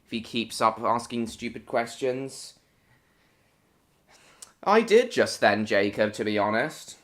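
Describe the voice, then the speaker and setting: This is a British man hosting a weekly live stream, chatting with the people watching. He speaks at a leisurely, unhurried pace in a mid-range voice. He greets viewers by name and answers their comments in short, broken phrases. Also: medium pitch, animated, fairly bright tone.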